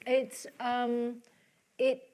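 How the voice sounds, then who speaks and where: A guest at a literary talk, a British woman, speaks onstage in a conversation with audience questions. Her voice is on the high side, a little mellow and monotone, with drawn-out words, and she's hesitant, with many restarts and fillers.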